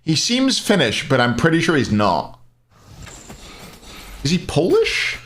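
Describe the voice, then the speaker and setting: A man's voice: fairly high pitch, wildly swooping pitch, measured pace, fairly bright tone. A young man casting a live esports match, rambling and joking between plays and swearing casually. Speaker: esports caster. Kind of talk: live game commentary with banter. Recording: faint background noise and clicks.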